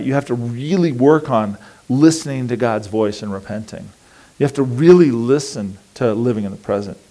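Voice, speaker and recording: Male pastor, relaxed talky sermon delivery, slips into quick imitations of worried thoughts. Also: mid-range voice. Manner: conversational and animated, acting out inner voices.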